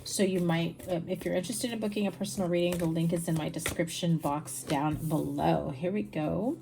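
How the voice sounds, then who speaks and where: A woman's voice: fairly low pitch, moderate pace, gravelly, dark tone, a little hiss or hum. A woman giving a casual tarot reading, chatty and rambling, tired. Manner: chatty, rambling, with fillers and laughs. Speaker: tarot reader.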